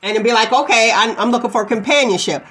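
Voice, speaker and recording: A woman's voice: on the high side, quick pace, fairly bright tone. Emphatic woman host holding the floor. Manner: emphatic, repeats herself to hold the floor. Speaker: podcast host. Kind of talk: casual debate talk.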